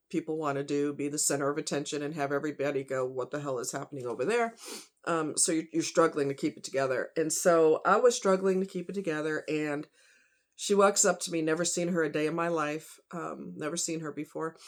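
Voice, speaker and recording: A woman telling a painful personal story off the cuff, emotional and rambling, with many fillers. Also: sits low.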